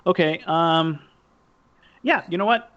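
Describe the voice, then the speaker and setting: A man's voice: fairly high pitch, slow, fairly bright tone, muffled recording. A man voicing a harried male gang boss who pleads and frets. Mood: pleading. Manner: frantic, pleading.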